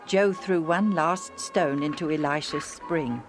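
A woman narrating a children's story in a clear, steady storytelling manner. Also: low-pitched, slow, hardly any pauses, faint music behind.

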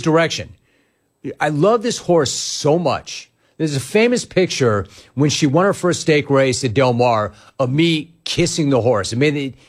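Animated, emphatic male talk host. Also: mid-range voice. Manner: emphatic, storytelling, riffing on listeners' comments. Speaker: sports talk show host. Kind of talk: sports talk monologue.

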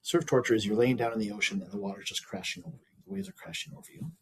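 A man's voice: on the low side, very animated, racing, poor audio. A man in an interview, telling a personal story in an earnest, reflective way with frequent small restarts. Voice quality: very husky. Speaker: interview guest.

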